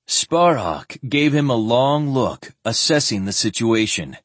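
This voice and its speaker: A man narrating an audiobook in an expressive reading style. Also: medium pitch, unhurried, hardly any pauses, no echo. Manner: expressive reading, shifting voices for characters. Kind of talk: scripted narration.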